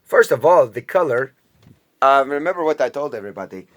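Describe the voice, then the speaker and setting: Man from the United States, rambling vlog monologue, mid pitch, direct address to viewers. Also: animated, fairly quick, fairly bright tone. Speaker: vlogger commentator.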